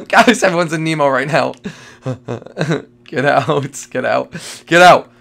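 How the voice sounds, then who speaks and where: A man giving live commentary while playing a multiplayer game, jittery and excitable, repeating phrases and breaking into sudden loud outbursts. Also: a little high, slow pace, creaky. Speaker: gamer playing a multiplayer survival match.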